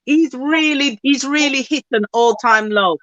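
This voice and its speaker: A woman's voice: high-pitched, unhurried, lo-fi sound, a crowd in the background. A woman co-hosting a casual reality TV recap, blunt and outspoken in her opinions. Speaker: co-host.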